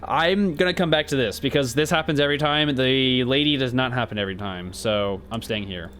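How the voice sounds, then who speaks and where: A man commenting on a game he is playing, with loud, exasperated outbursts. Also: medium pitch, a little fast, slight background noise. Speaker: gaming youtuber. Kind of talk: let's play commentary.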